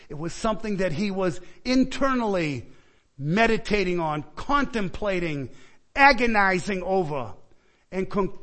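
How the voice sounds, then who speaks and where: High-voiced impassioned preacher man. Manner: impassioned, swings between loud pleading and quiet reflection; repeats and restarts words, asks the listeners questions. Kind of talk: sermon.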